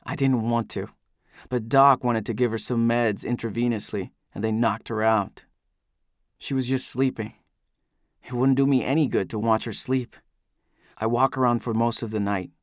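A man's voice: mid-range voice, dry recording, clean studio sound. Man narrating a brooding audiobook. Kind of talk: first-person audiobook narration.

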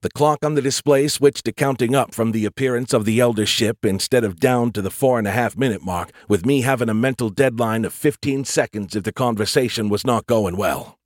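A man reading a sci-fi audiobook in a measured, wry first-person narration. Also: medium pitch, no room sound, clean studio sound.

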